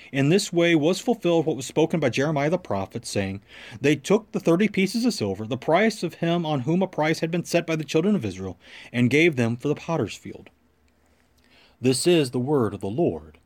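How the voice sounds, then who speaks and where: Man reading scripture in a solemn, measured way. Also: on the high side, a little mellow. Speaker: scripture reader. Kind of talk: liturgical scripture reading and prayer.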